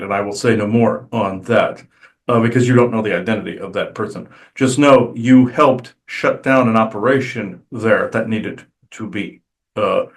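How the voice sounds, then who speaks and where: A man channeling on a spiritual podcast, talking casually and haltingly with many "uh" fillers and restarts. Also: medium pitch. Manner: hesitant, many "uh" fillers, rambling.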